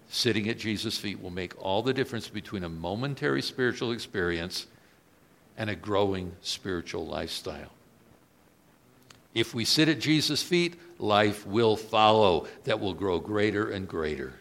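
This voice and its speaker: A man preaching a sermon, moving between quiet reflective lines and loud, emphatic questions put to the congregation. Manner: swings from soft low asides to loud emphatic rises; asks the audience questions.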